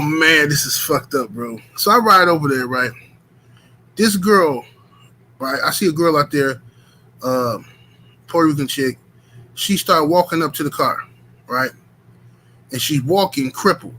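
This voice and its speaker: Male streamer, animated profane storyteller, bright edgy tone. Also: fairly high pitch, a little hiss or hum, poor audio. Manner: profane, animated, rambling with lots of filler. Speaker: streamer telling stories to chat. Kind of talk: casual storytelling.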